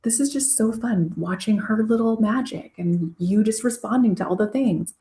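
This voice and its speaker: A woman therapist, a podcast guest, telling personal stories casually and lively. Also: medium pitch, moderate pace, echoey room. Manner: storytelling, animated when quoting herself. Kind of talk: casual interview chat.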